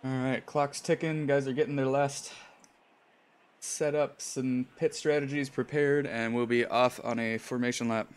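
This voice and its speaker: A man commentating a sim race at an unhurried, drawn-out pace, his voice sitting at an ordinary middle pitch. He jokes with his co-host and laughs easily, and often trips over drivers' names. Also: steady tone, clear, resonant tone. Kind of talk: live sim racing commentary.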